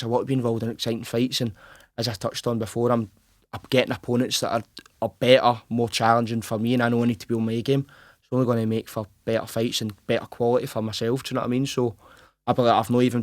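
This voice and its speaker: A Glaswegian man in his twenties, a professional boxer appearing as a guest, speaks in a quick, earnest rush during casual interview chat. His pitch stays narrow and even, he keeps restarting sentences and says "mate" a lot. The Scottish recording is close and dry with no echo.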